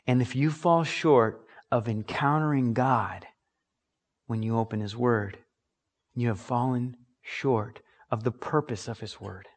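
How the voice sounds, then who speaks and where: A man's voice: medium pitch, unhurried. A man preaching a sermon as pastor, earnest and emphatic, acting out little examples.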